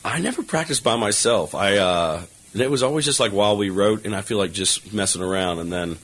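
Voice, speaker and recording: Man, low voice, relaxed and rambling, interview guest who talks around his points. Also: fairly quick, slightly rough, poor audio. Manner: relaxed, rambling, heavy with fillers like "you know". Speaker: actor and co-writer being interviewed. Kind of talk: casual interview answers.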